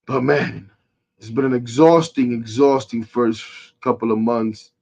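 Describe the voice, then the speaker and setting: A man rants about his team on a sports podcast, frustrated and animated. His mid-pitched voice jumps from loud outbursts to low muttering. The recording sounds dull and lo-fi. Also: a little slow, creaky. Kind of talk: casual sports rant.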